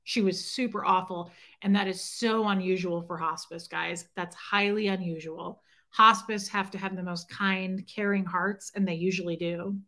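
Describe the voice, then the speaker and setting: A woman with a lowish, pushed and bright voice speaks at a moderate pace with fairly even intonation. She's hosting a livestream, rambling emotionally through a personal story and greeting chat viewers by name.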